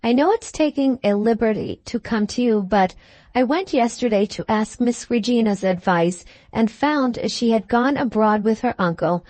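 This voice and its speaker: A woman's voice: a little high, expressive, normal speed, no echo. A woman voicing an anxious young maidservant who speaks hesitantly and apologetically. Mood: troubled. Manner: hesitant and apologetic, addressing a gentleman as sir.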